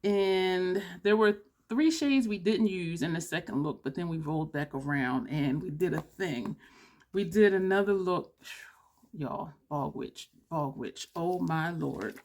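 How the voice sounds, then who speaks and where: An excitable woman talks straight to camera about makeup, half-yelling with enthusiasm. Her voice sits a little low for a woman, and she chatters casually, sprinkling "y'all" and the occasional curse. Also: unhurried. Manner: drawling, southern-style "y'all" chatter, playful cursing. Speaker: beauty vlogger.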